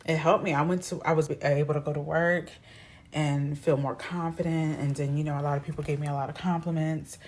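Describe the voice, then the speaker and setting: A woman vlogger telling a personal story in a chatty, animated way, acting out what people said. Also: deep voice, brisk. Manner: chatty, animated, acts out quoted voices. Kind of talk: casual storytelling to camera.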